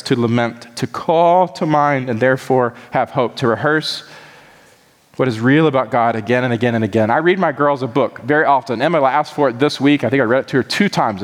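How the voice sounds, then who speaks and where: A man's voice: medium pitch, fast, in a large hall. A man who is a pastor, preaching a sermon with impassioned, repetitive emphasis that keeps building.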